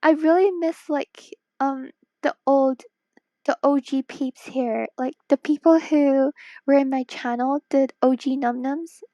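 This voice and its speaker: A woman streamer chatting casually with viewers while drawing, giggly and excitable, talking into wireless earbuds. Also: high voice, unhurried, dry recording, highs cut off.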